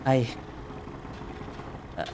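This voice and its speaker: A man's voice: extremely slow, noisy background. A man chatting casually as he streams a game, joking around and apologizing often. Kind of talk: casual gameplay commentary.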